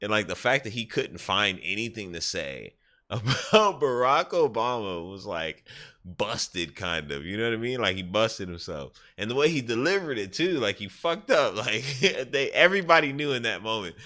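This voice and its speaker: Man, gaming streamer, very deep voice, forceful edge, rambling, swears a lot, laughs often. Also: sing-song, moderate pace. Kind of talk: casual livestream chat.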